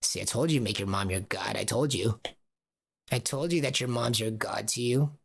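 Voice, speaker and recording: Man, livestream monologue, rambling, rhetorical questions, husky, gravelly. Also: fairly low pitch, normal speed. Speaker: streamer.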